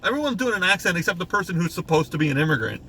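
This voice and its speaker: High, bright-voiced man mocking a movie. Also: very animated, slight background noise, low-quality recording. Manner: exasperated, mocking, acts out scenes in quick put-on voices. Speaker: podcast co-host. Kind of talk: casual movie review chat.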